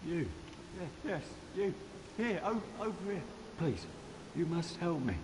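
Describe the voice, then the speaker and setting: A man's voice: a little high, lively intonation, a little slow, a little mellow, slight background noise. An actor playing a desperate male prisoner who urgently pleads for help, in a game. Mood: pleading. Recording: long reverb from game audio.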